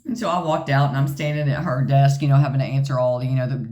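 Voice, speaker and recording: A chatty woman vlogger tells a story to her viewers, joking as she goes. Her voice sits low, and the room around her rings with echo. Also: steady tone, quick pace, a little mellow. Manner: chatty, joking, acts out quotes in a high voice. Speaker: vlogger sharing her health journey.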